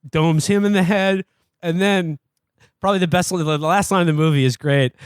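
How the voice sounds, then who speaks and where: Podcast co-host, male, higher-pitched, profane and animated film recapper, dry close mic. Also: normal speed, clear, resonant tone, no echo. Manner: profane, animated retelling with mocking quoted voices. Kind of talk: casual comedic movie recap.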